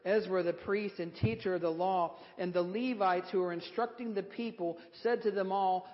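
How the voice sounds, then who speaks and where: A man's voice: sits high, steady tone, moderate pace, hardly any pauses. A man preaching a sermon as pastor, emphatic and leading the congregation in repeating a phrase, then chatting casually. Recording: dull audio in a reverberant sanctuary.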